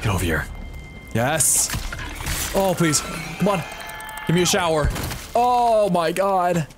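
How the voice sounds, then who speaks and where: Excitable man streaming a game. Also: a little slow. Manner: excitable, goofy, often yelping up high. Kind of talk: live gameplay commentary. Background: game music.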